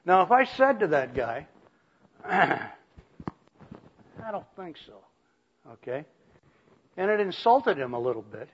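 Older male pastor preaching, folksy and chuckling; pitched a touch high, dull lo-fi recording. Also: very animated, moderate pace, pauses often. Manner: folksy, chuckling, clears throat often. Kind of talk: sermon. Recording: muffled lo-fi recording.

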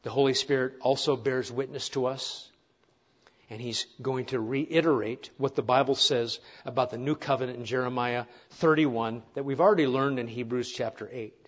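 A man's voice: mid-range voice, fairly even intonation, normal speed, muffled recording. A man preaching a sermon to his congregation, earnest, with rhetorical questions and wry asides. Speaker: pastor.

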